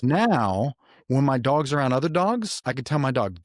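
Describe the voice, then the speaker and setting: A man's voice: medium pitch, big pitch swings, a little fast, no echo, studio quality. A middle-aged man hosting a podcast, giving earnest parenting advice in casual chat and telling stories with quoted voices. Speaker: podcast host.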